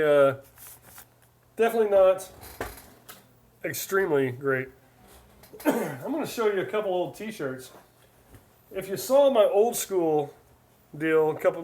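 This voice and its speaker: A man's voice: on the high side, lively intonation, slow, long pauses. A man in his forties hosting a live stream, chatting casually and reading viewer comments aloud in a rambling way. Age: 40s. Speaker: livestream host.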